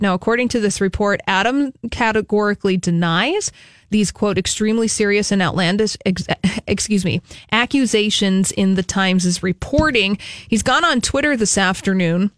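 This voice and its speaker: A woman's voice: mid-range voice, no echo. A woman co-hosting a talk radio show, chatting casually and reading entertainment news, laughing easily.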